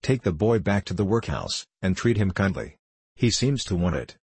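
A curt, stern old magistrate, read by a man in a low, husky voice. He speaks sharply and without warmth, dry and close to the mic. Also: big pitch swings, normal speed, no room sound, full character voice. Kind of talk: audiobook character reading.

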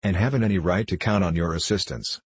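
Jittery, fretful suitor in his thirties, read by a man with a deep, husky voice for an audiobook play. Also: quick pace, no room sound. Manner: fretful, flustered, stumbling over words. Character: nervous 35-year-old male suitor, anxious and hypochondriac.

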